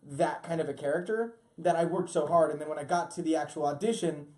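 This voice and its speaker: A man's voice: fairly high pitch, fast, darkish tone. A man chatting animatedly as a guest voice actor on a podcast, with many fillers. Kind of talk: casual podcast chat.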